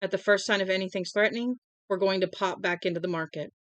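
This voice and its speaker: A woman reading the plain, steady lines of a practical man leading a group. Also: medium pitch, fast talker, no echo, close to an everyday voice.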